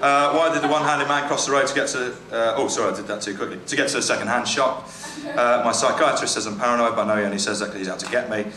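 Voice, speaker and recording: Wry stand-up comic in an echoey venue. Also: male voice, medium pitch. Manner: wry, halting, with frequent fillers and self-corrections. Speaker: stand-up comedian reading viewer jokes. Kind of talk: live stand-up comedy. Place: comedy venue with a live audience. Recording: echoey venue with loud crowd. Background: audience laughter and cheering.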